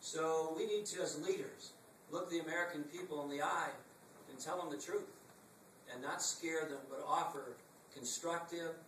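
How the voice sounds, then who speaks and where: A man's voice: fairly high pitch, normal speed, fairly bright tone, far from the mic, a little hiss or hum. A middle-aged man giving a campaign stump speech in a packed meeting room, emphatic and rhetorical with wry asides. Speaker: political speaker. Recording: echoey room, recorded from afar.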